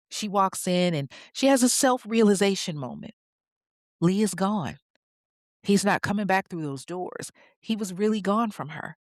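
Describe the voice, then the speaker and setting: True-crime podcast narrator, chatty, conversational asides, mid pitch, dry close mic. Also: no echo.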